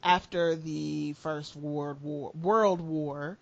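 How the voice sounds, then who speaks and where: A woman's voice: sits low, extremely slow, creaky. A woman co-hosting a podcast, chatting casually and joking around with lots of laughter. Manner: animated, joking, laughs often. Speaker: podcast co-host. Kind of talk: casual comedic chat. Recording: muffled lo-fi podcast audio.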